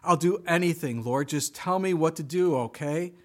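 A man voicing a panicked man hanging from a branch on a cliff, shouting desperately upward. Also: fairly high pitch, normal speed, natural voice. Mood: frantic pleading.

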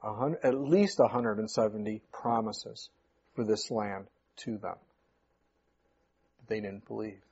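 A man's voice: on the low side, unhurried, pauses often, a little mellow, slight background noise. A male pastor preaching a sermon, emphatic, his voice rising sharply on key points. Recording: muffled lo-fi recording.

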